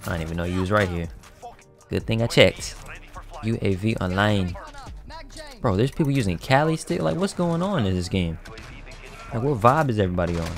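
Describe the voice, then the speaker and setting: Man, very low voice, gravelly, slangy live gameplay commentary, excitable, trash-talking. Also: moderate pace, pauses often, soft background music. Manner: excitable, talks trash to other players, bursts into shouts; casual slang-heavy banter. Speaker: gaming YouTuber.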